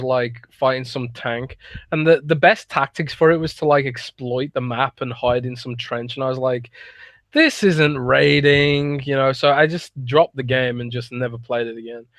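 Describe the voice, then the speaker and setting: A man's voice: medium pitch, a bit bright, no room sound. A man co-hosting a casual gaming podcast, talking in an easygoing, rambling way. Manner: easygoing, rambling, laughs often. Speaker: podcast co-host.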